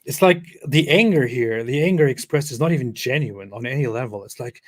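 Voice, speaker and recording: A man live-streaming a reaction to a video, sarcastic and mocking, jumping between loud outbursts and muttered asides. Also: medium pitch, fairly quick, few pauses, dry recording.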